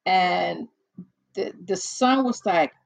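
A woman's voice: fairly low pitch, expressive, takes it slowly, vocal fry, poor audio. An older woman hosting a casual monologue, telling stories in a blunt, exasperated way with many restarts.

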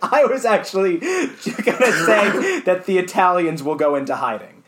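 A man's voice: high-pitched, big pitch swings, moderate pace, a crowd in the background. Profane rambling man on a podcast. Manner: rambling, profane, self-deprecating. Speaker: podcast co-host. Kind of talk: casual comedic chat.

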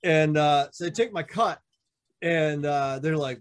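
An unhurried male voice with a little hiss or hum in the audio belongs to a veteran motorcycle club member. Speaking casually on a podcast, he swears often and recreates quoted dialogue by shifting his pitch.

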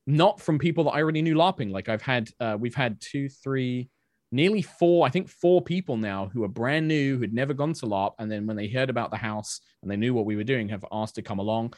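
Man, podcast guest, casual chat, fast talker, lowish voice, dry sound. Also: no room sound. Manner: fast, animated, many restarts.

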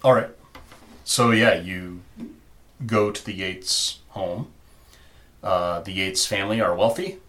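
A man's voice: deep voice, slow, pauses often, a bit bright. A man narrating as game master in a tabletop game, loose and chatty. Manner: loose and chatty, many fillers.

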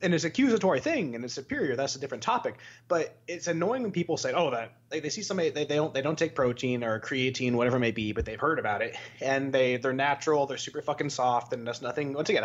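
A man's voice: mid-range voice, lively intonation, highs cut off. A man co-hosting a casual podcast, ranting with lots of swearing and mocking impressions of other people. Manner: profane, fast ranting with mocking quoted voices. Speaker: podcast co-host.

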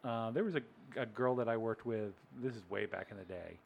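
A man co-hosting a podcast, joking and telling animated stories in casual chat. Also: lowish voice, a little fast, gravelly, muffled recording. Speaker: podcast co-host.

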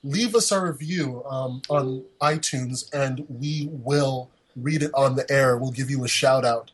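A man's voice: medium pitch, measured pace, husky, poor audio. A man hosting a podcast in casual chat, rambling and jokey with lots of fillers. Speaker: podcast host.

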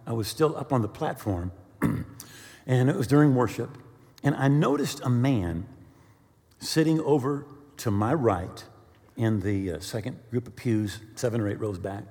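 A male pastor preaching a sermon, telling stories with animated bursts of quick speech. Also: mid-range voice, in a large hall. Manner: animated storyteller, speeds up when excited.

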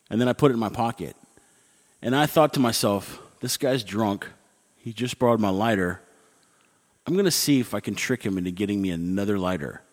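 A middle-aged man telling everyday stories in a wry, rambling, conversational way, with animated asides. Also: on the low side, long reverb tail. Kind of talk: casual storytelling.

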